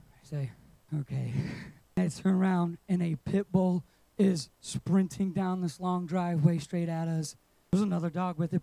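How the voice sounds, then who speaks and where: A young adult male pastor preaching a sermon in a church, telling stories and surging into loud, animated shouts to drive his points home. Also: sits high, no room sound, rough recording. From England. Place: church auditorium.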